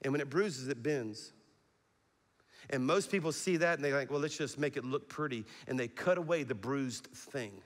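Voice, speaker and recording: A middle-aged man preaching a sermon as pastor, animated and calling on the congregation to respond. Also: mid-range voice, moderate pace. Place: large church hall. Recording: long reverb of a large hall.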